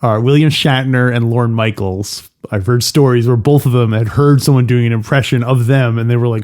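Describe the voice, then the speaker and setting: A man's voice: medium pitch, normal speed, hardly any pauses, a little mellow. A man musing through rambling podcast anecdotes. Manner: thoughtful, rambling, explains with anecdotes. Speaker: podcast co-host. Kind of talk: casual chat.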